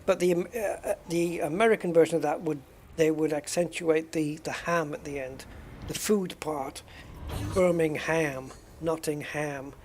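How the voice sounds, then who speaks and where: A man's voice: a little high, steady tone, normal speed, a little mellow, a little hiss or hum. A man streaming a game, chatting casually and rambling as he answers viewer questions. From United Kingdom. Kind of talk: casual live-stream chat while playing.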